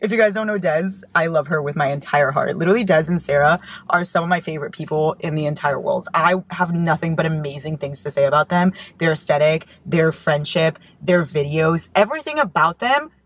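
A woman's voice: sits low, a little fast, hardly any pauses. A young woman book vlogger chatting casually while opening fan mail, gushing, giggly and swearing freely. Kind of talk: casual chat.

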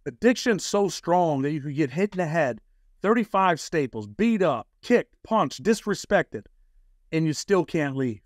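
A man's voice: a little high, lively intonation, unhurried, no echo. Blunt male interviewer, dry sound. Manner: direct, blunt questions. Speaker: interviewer host. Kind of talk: casual interview.

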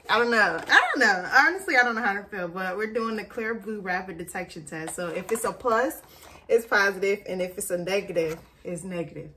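A young woman talking casually to her camera at home, chatty and a little rambling. Her voice sits at a middle pitch. There is a faint hiss in the background. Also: sharp tone. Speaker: vlogger. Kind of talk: casual vlog chat to camera.

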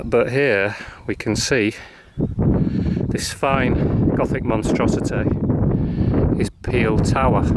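A man, chatting casually with dry humour as he films himself walking up a hill outdoors. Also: mid-range voice. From Lancashire, England. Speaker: vlogger filming a hill walk. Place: outdoors on a rural hillside. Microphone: handheld camera mic. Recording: outdoor camera audio with clear background noise.

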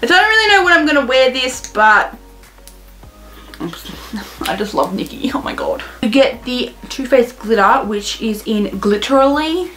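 A teenage girl gushing excitedly through a casual beauty haul vlog, saying "literally" constantly. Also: a little high, unhurried, faint music behind. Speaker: beauty vlogger.

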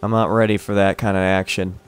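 Giggling and joking with a friend, this young streamer plays a cowboy game and reads its prompts out loud in a relaxed let's-play. His voice is deep and his pace a little fast, and his manner stays playful and lively throughout.

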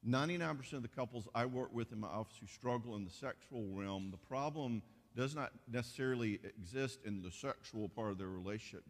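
A man who works as a marriage counselor gives a casual, joking conference talk to couples, full of fillers and restarts. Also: medium pitch. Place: church hall. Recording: echoey hall reverb.

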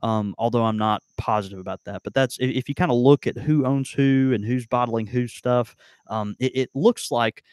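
This man's medium-pitched voice has a darkish, clean tone and a moderate pace. Co-hosting a Mississippi podcast, he rambles through a casual tasting chat with lots of fillers and restarts, captured in a dry, studio-quality recording.

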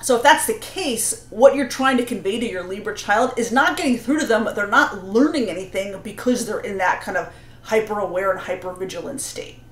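An earnest woman giving parenting advice, checking in with the listener by asking "right?" at the end of points. Her voice sits at a middle pitch. It rings in a roomy, echoing space. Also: brisk. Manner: earnest, explanatory, with frequent "you know" and "right?". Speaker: parenting coach and astrologer. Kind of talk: advice talk to camera. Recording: roomy echo.

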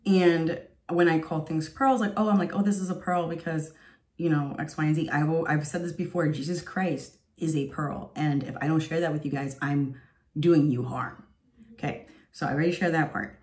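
A woman's voice: low voice, fairly even intonation, moderate pace, a little mellow. A woman in her thirties giving an earnest, emotional spoken testimony as a vlogger, rambling with lots of fillers. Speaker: faith vlogger.

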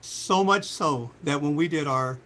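A man in his sixties, a singer, telling lively stories in a casual interview and jumping into high voices for quotes. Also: unhurried. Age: 60s. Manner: animated storyteller, jumps into high voices for quotes. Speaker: singer and guest.

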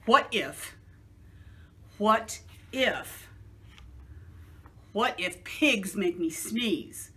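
A woman voicing a fretful, dramatic male elephant who stammers and sneezes loudly. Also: medium pitch, lively intonation, drawn-out words, long pauses, full character voice. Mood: worried. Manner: stammering before loud sneezes.

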